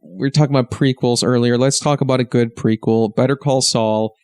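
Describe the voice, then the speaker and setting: A man's voice: mid-range voice, fairly even intonation, brisk, a little mellow, clear, resonant tone, dry recording. Dry-sounding upbeat male co-host. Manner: upbeat, profane, steers the conversation. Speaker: podcast co-host. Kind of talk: casual chat.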